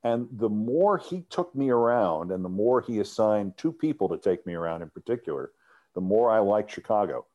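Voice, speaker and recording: Low, mellow-voiced middle-aged man telling stories. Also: normal speed, highs cut off. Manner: animated anecdote teller with frequent restarts. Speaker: interview guest, former sports TV host. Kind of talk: storytelling interview.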